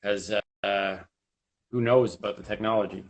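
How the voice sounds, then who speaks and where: A man's voice: lowish voice, steady tone, moderate pace. A man hosting a live-stream comedy podcast from his living room, talking in a loose, rambling, self-mocking way with lots of fillers. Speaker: podcast host. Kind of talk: casual live-stream monologue. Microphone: webcam in his living room.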